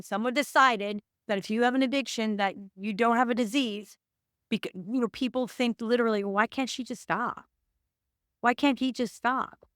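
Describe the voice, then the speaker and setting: A woman's voice: on the high side, clean tone, no room sound, clean studio sound. A woman, an actor and producer, speaking as a podcast guest in an emphatic, candid storytelling style, with many restarts and reenacted quotes.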